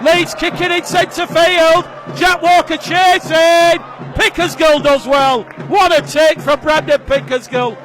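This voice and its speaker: A man calling a live rugby league match, his voice rising to shouts on big plays. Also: very high voice, steady tone, slow, soft background music. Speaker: play-by-play commentator. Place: stadium commentary position. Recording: broadcast with crowd and ambient noise. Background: crowd noise.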